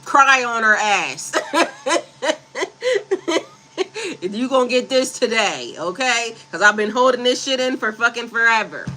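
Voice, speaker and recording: A woman's voice: a little high, normal speed, bright, forceful tone, poor audio. A woman spiritual coach talking casually on a livestream, reading affirmations and breaking into blunt, profane asides.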